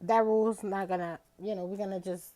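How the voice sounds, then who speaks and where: A woman's voice: mid-range voice, fairly even intonation, a little fast, warm tone. A woman, chatting casually through her day in a vlog. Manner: chatty, rambling, drawls out words. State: out of breath after a bike ride. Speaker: vlogger.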